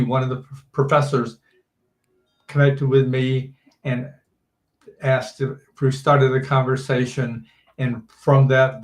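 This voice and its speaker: An older man, a teacher, giving measured interview answers and often restarting his sentences. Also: mid-range voice, echoey room. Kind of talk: slow thoughtful interview answers.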